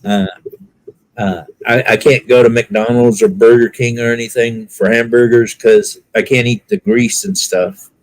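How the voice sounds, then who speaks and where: A man's voice: mid-range voice, measured pace, no echo, rough recording. A man in a casual online group chat, telling an anecdote and acting out the other people's lines in a raised voice. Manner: animated storyteller who acts out quotes in a raised voice.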